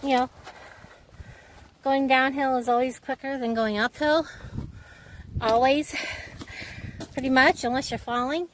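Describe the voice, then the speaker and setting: A woman's voice: high voice, steady tone, measured pace, long pauses, slight background noise. A woman talking casually to viewers on an outdoor walk, out of breath and rambling as she goes. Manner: chatty, rambling, self-narrating. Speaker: vlogger. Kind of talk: casual walking vlog. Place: outdoors on a rural hill, then in her car.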